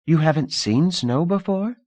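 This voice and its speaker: A man's voice: a little high, animated, measured pace, dry recording, pitched above the performer's own voice. A man putting on a gracious young hostess. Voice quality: bright, gracious, curious. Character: poised young woman, polite wealthy hostess.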